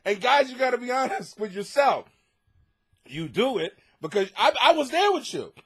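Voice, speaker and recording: A man's voice: extremely high pitch, sing-song, normal speed, husky. A man hosting a comedy podcast, ranting profanely with sarcastic mock outrage while reading listener letters. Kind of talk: crude comedic advice rant. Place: home basement.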